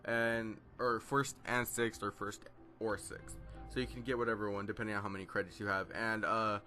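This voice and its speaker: A man's voice: lowish voice, flat delivery, moderate pace, sharp tone, faint music behind. A teenage boy telling a rambling story in casual chat over gameplay, full of fillers and self-deprecation. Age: teens. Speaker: gaming vlogger.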